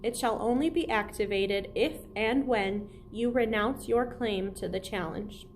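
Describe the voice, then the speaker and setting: A woman reading the lines of a stern elderly male lawyer in a formal, deliberate storybook voice. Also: mid-range voice, a little hiss or hum, close to an everyday voice.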